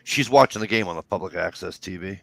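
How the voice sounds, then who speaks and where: A man's voice: sits low, quick pace, gravelly, fairly bright tone, dry recording. A man, telling rambling, swear-filled stories in casual chat. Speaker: storyteller.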